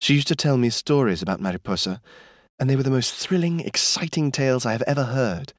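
A man's voice: medium pitch, brisk, no room sound, pitched above the performer's own voice, natural voice. A man voicing a spirited, headstrong young woman of twenty-one in an audiobook, speaking in a raised, mocking and defiant voice. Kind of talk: audiobook character voice.

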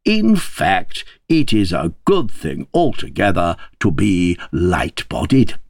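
A man's voice: mid-range voice, wildly swooping pitch, takes it slowly, no echo, clean studio sound, voice pushed up, full character voice. A man reading a storybook aloud and voicing a quarrelsome, self-satisfied king. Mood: triumphant. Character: quarrelsome, pompous king, middle-aged man.

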